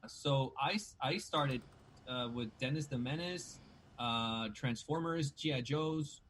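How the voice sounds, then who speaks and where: A man from Tijuana with a Mexican Spanish accent, a guest chatting casually in English, animated and slangy. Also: medium pitch, slow pace, a little hiss or hum. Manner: animated, slangy, says dude and bro a lot. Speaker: guest, sports anchor. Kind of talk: casual chat.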